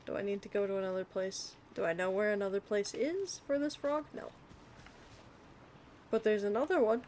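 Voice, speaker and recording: A woman's voice: medium pitch, moderate pace, darkish tone, slight background noise. A woman live streamer giving casual gameplay commentary, chatty and talking to herself as she pleads with the game.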